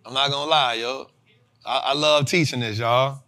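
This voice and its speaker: A man, lecturing a class on investing in an animated way and talking straight to his audience. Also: medium pitch, normal speed. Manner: animated, talks straight to the audience, acts out students' voices. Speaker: investing teacher and show host.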